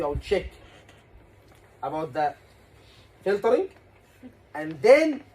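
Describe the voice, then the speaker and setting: A man's voice: high-pitched, a little hiss or hum, poor audio. A man with an Egyptian accent teaching a class as an exam tutor, asking questions and repeating key words.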